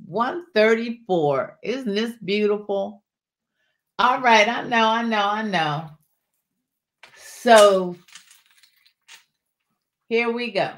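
A middle-aged woman runs a live jewelry sale at an easy, unhurried pace. She chats warmly with her viewers, calling them honey and y'all as she shows each piece. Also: mid-range voice. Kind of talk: casual live-stream sales chat.

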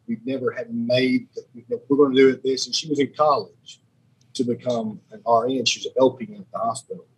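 A man's voice: medium pitch, slightly rough, poor audio. A man, a podcast guest telling stories in a rambling, chatty way. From Alabama. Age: 30s. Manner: rambling, repeats words, laughs often. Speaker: podcast guest, sheriff's lieutenant. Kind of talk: casual storytelling chat.

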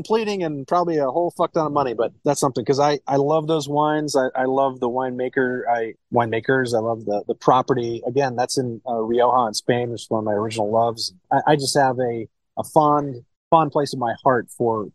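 Casual swearing sommelier. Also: male voice, mid-range voice, no echo, low-quality recording. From Cincinnati, Ohio, USA. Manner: rambling, frequent restarts and casual swearing. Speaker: sommelier and wine shop owner. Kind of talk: casual interview conversation.

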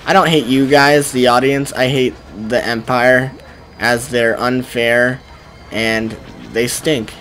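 A male streamer commentating his gameplay, often frustrated and ranting at the game, with sudden bursts of yelling. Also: mid-range voice, fairly even intonation, takes it slowly.

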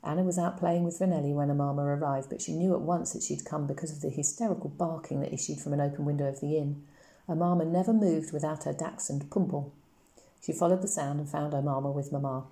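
A woman reading a chapter of a children's novel aloud in a calm, measured storybook narration. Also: low-pitched. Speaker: audiobook reader.

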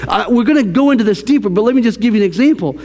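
A man preaching a sermon as a church pastor, animated, with repeated phrases and restarts. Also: high voice, very fast, in a large hall. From American South. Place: church sanctuary.

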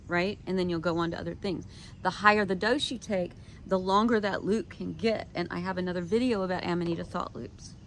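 A woman talking straight to camera, telling a personal story in an animated way and acting out her own quoted thoughts. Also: mid-range voice, slight background noise. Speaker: video creator.

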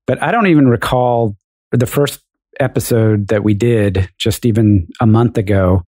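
A man's voice: lowish voice, moderate pace, dark tone, no echo. A man co-hosting a podcast who talks in a joking, self-deprecating way. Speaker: podcast co-host. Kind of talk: casual philosophy discussion.

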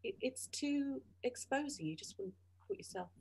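A middle-aged woman, a radio journalist, telling lively anecdotes in a podcast interview. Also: high-pitched, normal speed, vocal fry. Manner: animated, mimics colleagues' voices. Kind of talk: storytelling interview chat.

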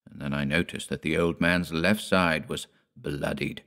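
A man narrating a gothic horror tale in a measured, deliberate storytelling manner. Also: very deep voice, fairly even intonation, a bit bright. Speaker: audiobook narrator.

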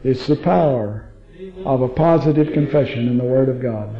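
A man preaching a sermon, telling stories with animated quoted voices, then praying slowly and softly. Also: medium pitch, vocal fry, a crowd in the background. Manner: hushed, slow prayer. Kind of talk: sermon with prayer. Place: church sanctuary. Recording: echoey, dull archive sermon recording.

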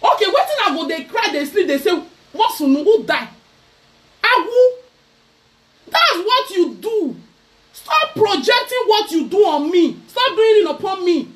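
A Nigerian woman vlogger ranting loudly to camera in a mocking, scolding way. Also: very high-pitched, very animated, moderate pace. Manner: loud, mocking, switching into Pidgin. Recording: voice a bit far from the mic.

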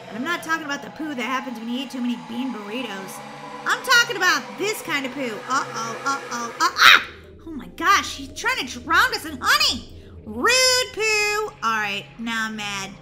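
Woman gaming host, high voice, very lively, bubbly jokey play-by-play, game music under her. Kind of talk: let's-play commentary.

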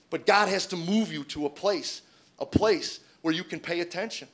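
A middle-aged man doing stand-up comedy as a personal testimony. He tells the story loudly at punchlines and drops to a soft, hushed voice for the serious parts. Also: sits high, normal speed. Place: stage in front of a laughing audience.

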